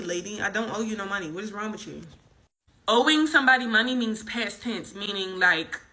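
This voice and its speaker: A woman in her twenties telling a personal story in an indignant, animated way. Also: mid-range voice, rough recording. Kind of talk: storytime vlog. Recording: loud traffic noise outdoors.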